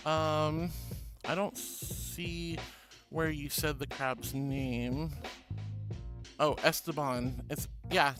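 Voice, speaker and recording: A woman's voice: mid-range voice, a bit bright. A woman streamer chatting with her viewers, bubbly and gushing, calling them honey and sweetie. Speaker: VTuber streamer. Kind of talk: casual chat with viewers.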